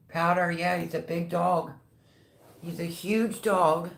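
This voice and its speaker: A middle-aged woman chats away on a casual live stream, rambling from one story to the next. Her voice sits a little low for a woman. Now and then she breaks off to coo softly at the dogs around her. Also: steady tone, takes it slowly, vocal fry. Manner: chatty, rambling, coos baby talk at the dogs.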